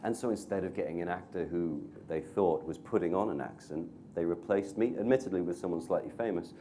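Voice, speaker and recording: A man's voice: sits low, fairly quick, slight background noise. A man from North Wales telling an anecdote to teachers as an actor and voice coach, laughing often as he goes. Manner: lively storyteller who laughs often. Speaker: actor and voice coach guest speaker.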